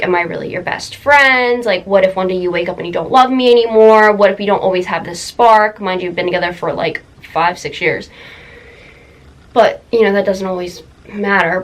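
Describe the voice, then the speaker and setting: A young woman telling a personal story in a confessional vlog, halting, full of fillers and close to tears. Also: on the low side, poor audio. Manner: emotional, halting, many fillers. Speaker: vlogger.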